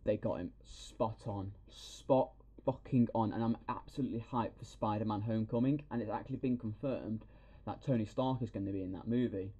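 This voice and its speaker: A man hosting a podcast, excitedly retelling a film scene by scene with plenty of swearing. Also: on the low side, brisk, slightly rough. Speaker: podcast host. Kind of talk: casual film review chat.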